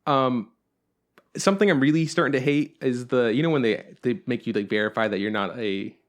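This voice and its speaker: Young male podcast co-host, loose and rambling, swears freely, middle-pitched voice. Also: a little fast. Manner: rambling and profane, with frequent fillers. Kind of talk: casual chat.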